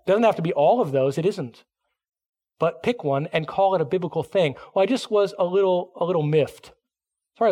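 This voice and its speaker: A middle-aged man preaching a sermon, animated, acting out quoted voices as he teaches. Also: fairly high pitch. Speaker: pastor.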